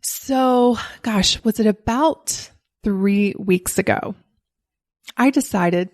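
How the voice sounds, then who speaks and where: A woman's voice: medium pitch, slow. Woman in her 40s, podcast host, neutral American accent with a faint Southern trace. Candid, encouraging, laughs easily. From Southern United States. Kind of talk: solo podcast monologue.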